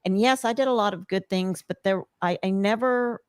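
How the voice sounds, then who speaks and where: A woman's voice: mid-range voice, normal speed, clean tone, no room sound. A middle-aged woman hosting a podcast, earnestly telling her own story of hardship and faith, quoting herself and others as she goes. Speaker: podcast host. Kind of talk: emotional personal storytelling.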